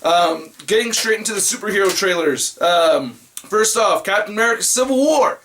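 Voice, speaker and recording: Brief: young male vlogger, slightly high voice, lively and jokey, faint noise. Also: normal speed. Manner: animated, jokey, loud greetings. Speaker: vlogger, toy collector. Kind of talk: casual chat to camera. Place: collectibles room at home.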